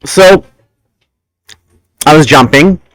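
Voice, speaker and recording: A young man hosting a casual chat, telling a long personal story with quick asides and tangents. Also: on the high side, fairly bright tone, no echo, rough recording. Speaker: host.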